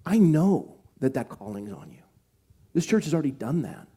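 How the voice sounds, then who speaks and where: Male pastor, mellow tone, earnest sermon storytelling, slows to hushed emphasis for key points. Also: a little high, husky. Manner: earnest, shifts from animated retelling to slow hushed emphasis. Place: church.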